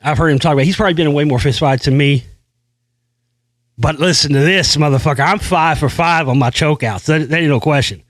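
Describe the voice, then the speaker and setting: In a clean studio recording with no echo, a show host delivers a brash, boastful monologue packed with heavy swearing and repeated phrases. His voice is on the high side and fairly quick.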